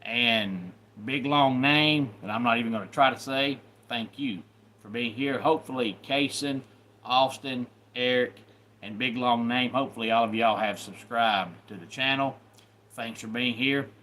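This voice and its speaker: A man's voice: medium pitch, a little slow, sharp tone, a little hiss or hum. A man hosting a live stream, greeting viewers by name in loose, chatty talk. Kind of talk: casual live stream chat.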